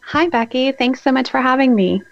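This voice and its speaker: A woman's voice: high voice, moderate pace, vocal fry, noisy background. A woman guest in an interview, answering in a friendly, ready way. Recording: dull lo-fi sound from far off the mic.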